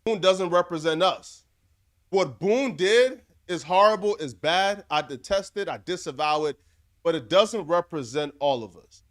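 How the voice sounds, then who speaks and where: A man's voice: high-pitched, animated, measured pace. A man narrating commentary in an earnest, apologetic way.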